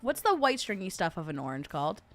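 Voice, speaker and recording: A woman's voice: on the low side, big pitch swings, quick pace, a bit bright. Sarcastic New woman streamer. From New Jersey. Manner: sarcastic, chatty, laughs often. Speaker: livestream host. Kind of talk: casual livestream chat. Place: at home.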